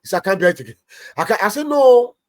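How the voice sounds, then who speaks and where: Man, Nigerian accent, pastor, high-pitched, emphatic, preacherly counsel. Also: sing-song, rapid-fire, fairly bright tone. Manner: emphatic, preacherly, acts out little anecdotes. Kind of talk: marriage advice on a talk show.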